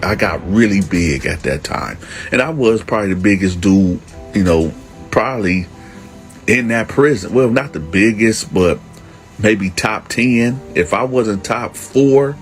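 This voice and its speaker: A man who hosts a channel, casually and emphatically telling a prison story and often calling out to his listeners. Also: lowish voice. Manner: emphatic, streetwise, keeps addressing the audience.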